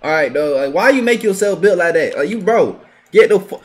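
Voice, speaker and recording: A young man giving live gameplay commentary, trash-talking his opponents with heavy profanity and sudden bursts of yelling. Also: sits high, very animated, brisk, slight background noise. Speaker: gaming video creator.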